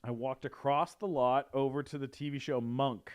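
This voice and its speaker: Rambling male storyteller, middle pitch. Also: steady tone, normal speed, smooth, dull audio. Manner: rambling storyteller, many fillers and restarts. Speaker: guest. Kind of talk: casual chat.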